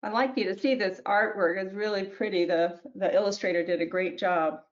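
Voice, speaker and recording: A woman reads her own children's picture book aloud in a gentle storybook manner, tripping over a word now and then. Her voice sits at an ordinary middle pitch. The audio is slightly muffled and lo-fi. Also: steady tone, a little fast, few pauses. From New Mexico, US. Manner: gentle storybook narration with small slips.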